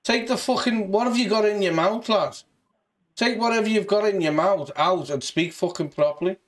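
Scouse man, high-pitched, mouthy and sweary, mock hard man on a prank call. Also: normal speed. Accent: Liverpool (Scouse). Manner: brash, sweary, mock-tough. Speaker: scambaiter.

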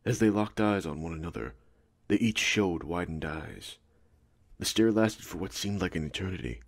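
A man giving steady, scripted audiobook narration. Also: low voice, normal speed, gravelly. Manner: steady storytelling.

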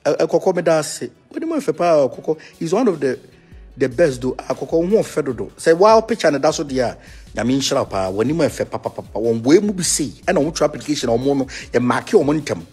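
A Ghanaian man leads a spiritual movement and talks casually to his followers, teasing them as he goes. His voice sits fairly high and a little husky. He swings widely up and down in pitch as he mixes Twi and English. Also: a little fast, faint music behind. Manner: animated, teasing, switching between Twi and English. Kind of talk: casual talk reacting to viewers.

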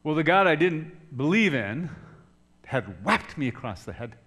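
A middle-aged pastor telling a personal story in a sermon, swinging from hushed, soft passages to loud shouting. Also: male voice, on the high side, sing-song, unhurried, slightly rough.

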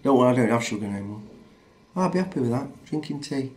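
A middle-aged man with a Northern English accent chats away in a loose, rambling vlog, blunt and quick to swear. His voice sits at an ordinary middle pitch. Faint ambient noise hums behind him. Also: animated, a little mellow. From Northern England. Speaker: vlogger. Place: rural home in a small town.

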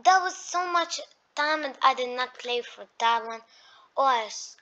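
A woman doing excitable let's-play gameplay commentary, talking to the enemies and breaking into sudden shrieks of alarm. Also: a little high. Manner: talks to enemies as she plays. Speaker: gaming YouTuber. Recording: dull lo-fi mic.

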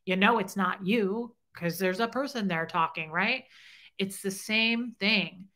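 Bright-voiced woman hosting a heartfelt livestream. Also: mid-range voice, a little slow. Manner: heartfelt, openly emotional, chatty. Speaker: livestream host. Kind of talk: casual livestream chat reading comments.

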